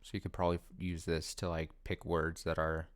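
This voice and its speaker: A man's voice: deep voice, completely flat delivery, brisk. A man streaming a game, talking casually, swearing and laughing often. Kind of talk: casual let's play commentary.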